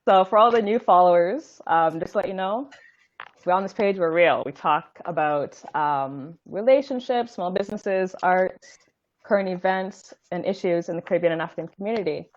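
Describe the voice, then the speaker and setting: A woman's voice: lowish voice, normal speed. A woman co-hosting a casual chat show, chatty and upbeat, introducing topics for viewers. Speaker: podcast co-host. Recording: muffled lo-fi audio.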